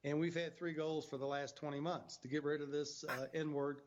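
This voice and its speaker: A man speaking in a played clip, halting and filling pauses with uh. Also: fairly high pitch, flat delivery. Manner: halting, with frequent uh fillers. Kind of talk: recorded spoken remarks. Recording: dull lo-fi clip audio.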